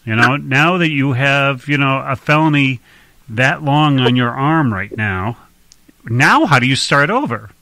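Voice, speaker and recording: A man's voice: medium pitch, lively intonation, unhurried, bright, forceful tone, no echo. A man hosting a radio interview, asking short questions and offering brief reactions. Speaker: radio host.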